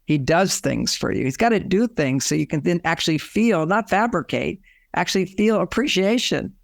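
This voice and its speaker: An older man, a relationship author, giving advice in an interview and telling lively anecdotes with both sides acted out. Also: on the high side, creaky, dry recording, studio quality. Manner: animated storyteller, acts out both sides of his anecdotes. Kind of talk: storytelling interview talk.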